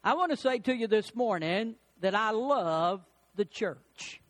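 A male pastor preaching a sermon in an emphatic, measured way, using rhetorical questions. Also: high-pitched, animated, a bit bright.

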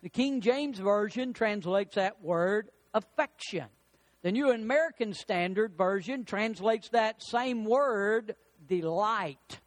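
High-voiced, slow-preaching male pastor. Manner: emphatic, measured preaching with rhetorical questions. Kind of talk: sermon.

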